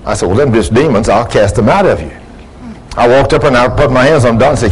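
A male preacher delivers a sermon to his congregation in church, acting out the dialogue in his stories with rising emphasis. His voice is medium in pitch and he talks fast. The audio is poor, with slight background noise.

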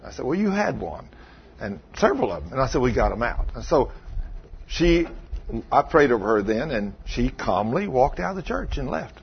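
A middle-aged man, a pastor telling a story in a sermon and acting out the scene with shouted commands. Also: mid-range voice, very animated, moderate pace, creaky, highs cut off, slight background noise.

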